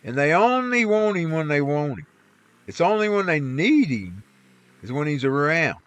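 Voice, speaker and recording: Man, casual gaming chat, rambling, folksy, preachy, raised pitch. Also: very animated, moderate pace, fairly bright tone, smooth, no room sound. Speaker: streamer.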